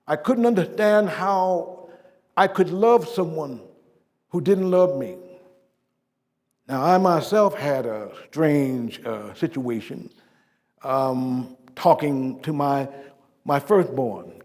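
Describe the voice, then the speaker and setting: A man playing a dignified civil rights preacher, telling his life story in a first-person stage monologue, with measured oratory that swells emphatically and drops to a hush. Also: a little high, animated, in a large hall. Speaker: living-history performer. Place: stage performance.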